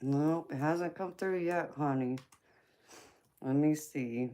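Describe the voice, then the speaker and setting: A woman's voice: sits low, takes it slowly, warm tone. A woman hosting a tarot live stream, chatting casually with viewers, often teasing and calling them honey, baby and sweetheart.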